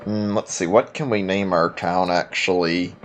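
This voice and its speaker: A man's voice: low voice, fairly even intonation, a little slow, faint music behind. A man streaming a video game, rambling and muttering to himself in casual commentary. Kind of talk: casual let's-play commentary.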